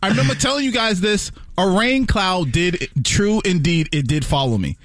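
A man co-hosting a morning radio show, telling stories in an earnest, animated way. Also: sits high, moderate pace, no room sound. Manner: animated storyteller, lively and earnest. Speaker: radio co-host. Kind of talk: casual morning radio chat. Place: radio studio.

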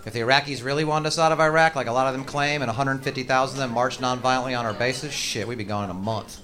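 A man doing a stand-up comedy routine on stage, ranting in a profane, exaggerated way with sudden shouted outbursts. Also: mid-range voice, quick pace. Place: comedy stage before a live audience.

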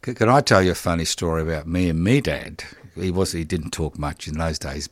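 A man's voice: sits low, fairly quick, no echo. An older man with an Australian accent hosting a radio chat, telling stories in a wry, repetitive way. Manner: wry, repetitive, lively storyteller. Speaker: radio host. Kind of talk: casual on-air chat. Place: radio studio.

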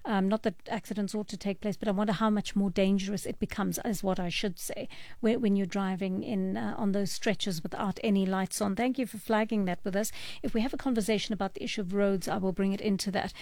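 A woman from South Africa hosting a talk radio show, reading listener messages and taking calls in a measured, wry manner. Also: mid-range voice, fairly even intonation, a little mellow, no room sound. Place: radio studio.

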